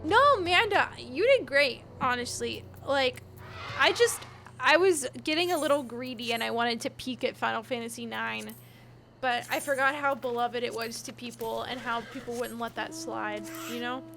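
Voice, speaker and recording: Young woman game streamer, high voice, tired and chatty, giggles a lot. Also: fairly even intonation, normal speed, gravelly, a bit bright, slight background noise. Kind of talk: casual live-stream chat.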